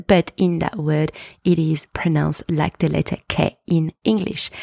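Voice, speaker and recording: A woman with a French accent hosting a podcast pronunciation lesson, slowly and carefully sounding out words. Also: on the low side, gravelly, darkish tone, no room sound, studio quality. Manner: slow, careful enunciation of example words.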